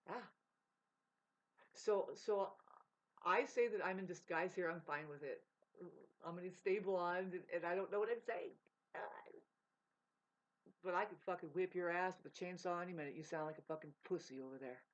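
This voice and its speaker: A woman's voice: fairly low pitch, moderate pace, long pauses. A woman vlogging in a rambling, profane casual monologue, laughing mid-sentence. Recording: dull lo-fi sound.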